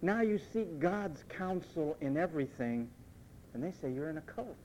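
A man preaching a sermon, emphatic and repetitive, mimicking what others say in quick asides. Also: a little high, animated, a little mellow, a little hiss or hum, poor audio.

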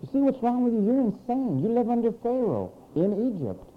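A man preaching a sermon in a church, animated and mocking as he mimics frantic people. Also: very high voice, a little fast, narrow, tinny audio.

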